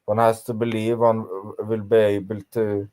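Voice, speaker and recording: A man's voice: fairly low pitch, level tone, moderate pace, a little mellow. A man taking part in a casual group discussion, hesitant and full of fillers.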